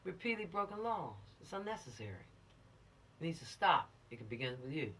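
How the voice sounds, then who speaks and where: Woman instructor, emphatic and showy, bright forceful voice, lively pitch swings, teaching teens. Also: a little fast, far from the mic, a little hiss or hum. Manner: emphatic, lecturing and exhortative. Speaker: teen law-literacy instructor. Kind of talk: direct-to-camera lesson addressing teens.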